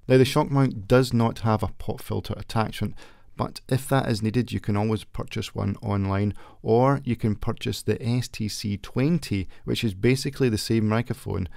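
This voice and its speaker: A man's voice: on the low side, gravelly, a little mellow, no room sound. A man giving a methodical review of a studio microphone, recorded close in a home room. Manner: plain, methodical explanation. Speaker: tech reviewer. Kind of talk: product review with mic tests. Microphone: large condenser studio mic, close.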